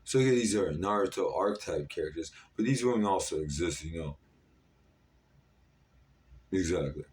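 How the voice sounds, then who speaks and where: A man's voice: deep voice, lively intonation, moderate pace, darkish tone. A man in his thirties talking in a disjointed, jumpy stream with many fillers, in a rambling monologue to camera. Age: 30s. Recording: voice a bit far from the mic.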